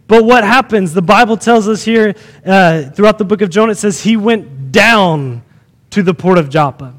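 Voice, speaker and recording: A man's voice: high-pitched, moderate pace, long reverb tail. A man pastor preaching a sermon to his congregation, repeating phrases for emphasis and asking the room questions. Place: church sanctuary.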